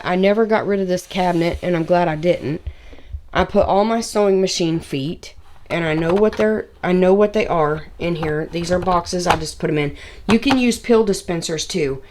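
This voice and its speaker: A woman with a low voice chats her way through a tour of her home sewing room. She rambles, stops to find the right word and starts again, and she talks straight to the camera the way she would talk to a friend. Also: darkish tone. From Tennessee, US. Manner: chatty, rambling, with filler words and restarts. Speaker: sewing vlogger.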